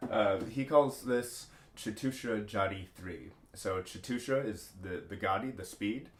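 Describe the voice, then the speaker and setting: A man teaching a music lesson, explaining rhythm step by step with frequent hesitations. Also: fairly low pitch. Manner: chants rhythm syllables in steady counted patterns. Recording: roomy echo.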